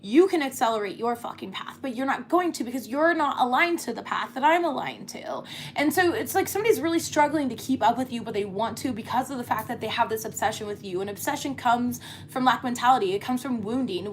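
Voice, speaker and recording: A woman's voice: fairly high pitch, animated, brisk, slight background noise. A woman giving a casual tarot reading, chatty and laughing often, cussing freely as she talks. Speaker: tarot reader.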